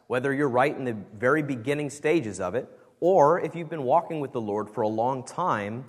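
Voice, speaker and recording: Earnest man preaching in a reverberant church. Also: mid-range voice. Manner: earnest, emphatic preaching with varied stress. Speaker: pastor. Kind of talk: sermon. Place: church sanctuary. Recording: long reverb of a church hall.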